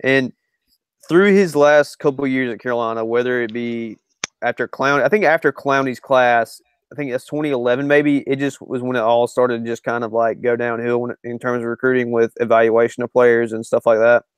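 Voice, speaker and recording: A man co-hosting a sports podcast in loose, rambling chat, often stopping to correct himself. His voice is smooth and clear. The recording is dry and close. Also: medium pitch, steady tone, fairly quick, no echo. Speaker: podcast co-host and writer.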